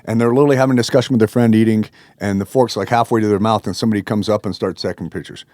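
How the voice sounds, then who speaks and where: A man in his fifties, a podcast guest, telling stories in a blunt, animated way with some casual swearing. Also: lowish voice, rapid-fire, no room sound. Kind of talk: casual conversation.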